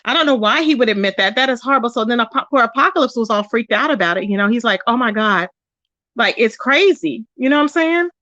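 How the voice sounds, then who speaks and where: A chatty woman hosts a gossip livestream, greeting viewers warmly by name. Her voice sits a little high, close to the mic in a dry space. The stream audio is dull and lo-fi. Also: lively intonation, rapid-fire, few pauses, no echo. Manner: chatty, greets viewers by name, calls them child and baby. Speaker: livestream commentary host. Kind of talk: casual livestream gossip chat.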